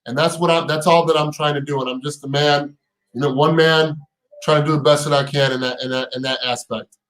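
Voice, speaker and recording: Guy ranting on his live stream, swears a lot, stumbles over words, kinda high voice, echoey room. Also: steady tone, a little fast, fairly bright tone. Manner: heated, profane, repeats words and restarts; rhetorical questions in rising bursts. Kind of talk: casual live stream chat.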